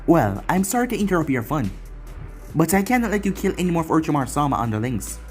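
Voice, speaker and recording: A storytelling narrator reading the lines of a cold, scornful female ninja in a lowered, dismissive tone. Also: sing-song, fast, a little mellow, faint music behind, lightly acted.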